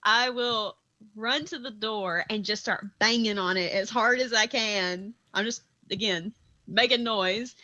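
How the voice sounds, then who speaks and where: A woman playing a tabletop game, animated and laughing as she talks her plans through aloud. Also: medium pitch, measured pace, dull audio. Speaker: player. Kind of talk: casual tabletop play.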